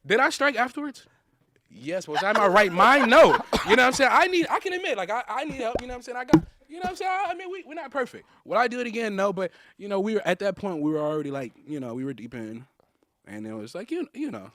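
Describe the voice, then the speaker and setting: Fast, lively young man in banter. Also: high-pitched. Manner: animated, repeats himself, lots of fillers. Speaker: livestream co-host. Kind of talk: casual livestream banter.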